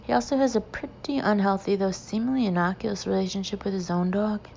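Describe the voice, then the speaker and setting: A woman narrating a humorous memoir audiobook with a dry, deadpan delivery. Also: mid-range voice, brisk, vocal fry, lo-fi sound, slight background noise.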